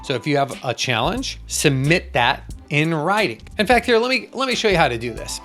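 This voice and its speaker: A man giving a motivational business talk as a coach, emphatic and acting out little dialogues with sudden jumps in pitch. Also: animated, a little fast, fairly bright tone, soft background music.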